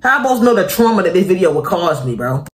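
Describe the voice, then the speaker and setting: A man's voice: sits high, very animated, racing. A young man hosting a reaction video, talking animatedly and sounding exasperated, throwing "bro" into nearly every line from a home mic setup. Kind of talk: casual reaction commentary.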